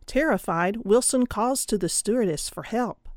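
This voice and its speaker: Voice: mid-range voice, expressive, normal speed, dry recording, studio quality. An audiobook presenter giving a friendly, informative overview of a story collection. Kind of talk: promotional overview.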